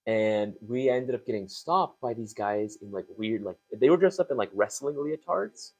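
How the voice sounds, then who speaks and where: A young man in casual chat, telling animated stories with lots of fillers and restarts. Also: fairly low pitch, soft background music. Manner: fast, animated storytelling with many fillers. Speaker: co-host of a store talk show.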